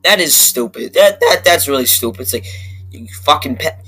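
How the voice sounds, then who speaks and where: A man giving a rambling, profane movie review rant that keeps flaring up into loud outbursts. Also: a little high, lively intonation, a little slow, pauses often, slight background noise, rough recording.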